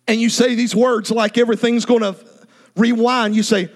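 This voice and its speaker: A man preaching a sermon, impassioned and repetitive, often lifting into a sung, shouted cadence. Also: very high-pitched, level tone, normal speed. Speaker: pastor.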